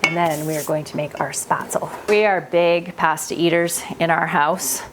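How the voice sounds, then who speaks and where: Canadian woman, chatty home-cooking vlogger, lower voice, faint background hiss. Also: steady tone, moderate pace. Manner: chatty, laughs easily, thinks aloud while cooking. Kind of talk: casual cooking chat. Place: home kitchen.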